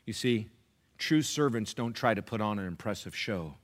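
This sermon comes from a middle-aged male pastor whose expressive voice sits on the low side. He alternates between forceful exhortation and soft, near-whisper pleading, hammering points through repetition and slow, lingering stresses.

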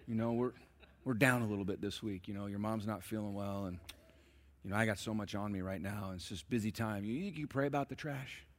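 A man voicing a gentle, pleading father who talks in a soft, hushed, mock-sincere way. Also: fairly low pitch, a little fast, pitched below the performer's own voice, lightly acted. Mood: coaxing.

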